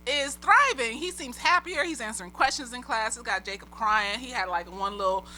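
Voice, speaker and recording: A woman's voice: on the high side, moderate pace, bright, forceful tone, faint music behind, low-quality recording. A slightly tipsy woman recapping a TV episode in a rambling, casual way, swearing freely and laughing often. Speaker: TV episode reviewer.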